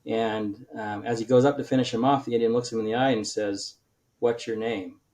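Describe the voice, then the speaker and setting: A man's voice: mid-range voice, fairly even intonation, brisk, a little mellow. A male author on a podcast, retelling his book's plot in a rambling way with many restarts and fillers. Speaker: author guest. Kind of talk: casual podcast interview.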